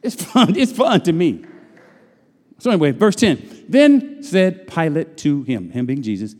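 Middle-aged preacher with a bright, high voice. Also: male voice, big pitch swings, moderate pace. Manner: conversational, teasing, call-and-response. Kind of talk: sermon. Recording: long reverb in a large hall.

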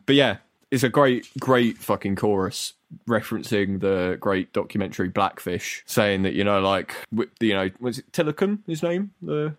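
A man hosts a casual music podcast in a lowish voice. He is animated and sweary and tells stories with energy. The sound is dry and close. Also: normal speed, no room sound. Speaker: podcast host. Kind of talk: casual chat.

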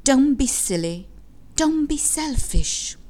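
A woman reading aloud, voicing an impatient mother who chides her daughter briskly. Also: medium pitch, lively intonation, mellow, natural voice. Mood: chiding. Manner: brisk, chiding.

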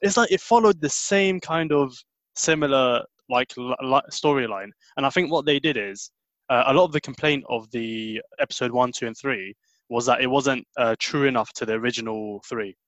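A man's voice: medium pitch, normal speed, fairly bright tone, no room sound, dull audio. Incredulous man, dry close sound. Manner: incredulous, mocking, uses slang like "fam". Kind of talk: casual chat.

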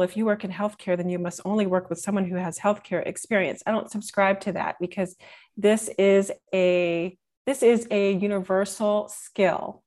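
A woman coach answering interview questions about her work in a measured, reflective way, with frequent restarts. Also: medium pitch, darkish tone. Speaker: career coach guest.

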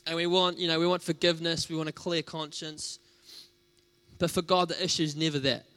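A man's voice: fairly high pitch, flat delivery, fairly quick, fairly bright tone, clean tone. A man preaching a sermon in a conversational, storytelling way, with casual fillers.

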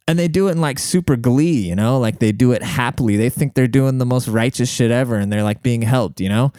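A young man riffs casually into a close mic, tossing in swear words and a steady stream of "dude". His voice is smooth and clear, sitting at an everyday middle pitch. The sound is dry, with no room around it. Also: brisk, hardly any pauses, dry recording. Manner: profane, slangy, jokey, says "dude" constantly. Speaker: podcast host. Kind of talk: casual rambling monologue.

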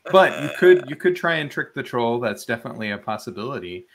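A man's voice: mid-range voice, lively intonation, quick pace, fairly bright tone. A man acting as game master, reading descriptive passages and guiding the players. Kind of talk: narrating a tabletop game.

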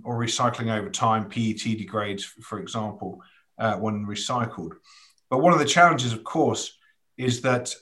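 A man's voice: mid-range voice, fairly bright tone. A man interviewing a guest, asking long, thoughtful questions and telling anecdotes in a conversational way.

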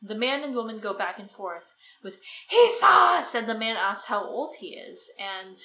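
A woman's voice: medium pitch, normal speed, fairly bright tone. A woman co-hosting a casual book discussion, retelling the story in a chatty way full of "like" and "right". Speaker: podcast co-host. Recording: echoey room with faint noise.

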